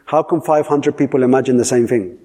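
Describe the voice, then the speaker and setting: A male preacher gives a sermon in a husky, slightly breathy mid-range voice with a dark tone, speaking a little fast. He emphatically repeats key lines for weight and keeps asking his audience questions.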